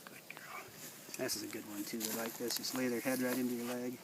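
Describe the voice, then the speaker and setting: A man working as a dog trainer, explaining an outdoor training session in a relaxed way and chatting to the dog. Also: medium pitch, quick pace. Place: outdoors in a field by water. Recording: distant outdoor mic with noise.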